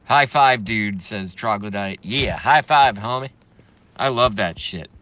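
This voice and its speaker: A man ranting angrily and profanely while reading viewer comments, swinging between yelling and mumbling. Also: on the low side, unhurried, no echo. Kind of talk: angry political rant and comment reading.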